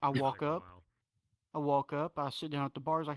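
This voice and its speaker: A man from North Georgia, telling biker stories in a casual, profane, animated way. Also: a little high, brisk. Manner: profane, drawling, animated retelling. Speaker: storyteller. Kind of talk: casual storytelling.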